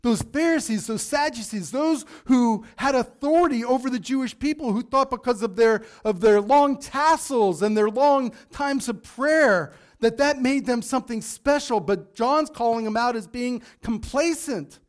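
Male pastor, sermon, emphatic, fairly high voice, sudden hushed intensity. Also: normal speed, few pauses. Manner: emphatic, acts out scripture quotes; drops to a low intense hush on warnings.

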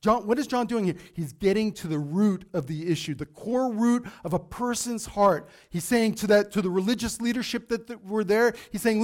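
A male pastor preaching a sermon emphatically, acting out quotes and dropping to a low, intense hush for warnings. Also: normal speed, few pauses. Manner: emphatic, acts out scripture quotes.

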